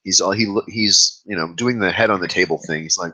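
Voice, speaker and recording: Fairly quick with hardly any pauses, a deep, sharp-toned man delivers a confessional vlog monologue about his fears, speaking candidly and at length. He records himself with his own camera mic, and the audio is poor.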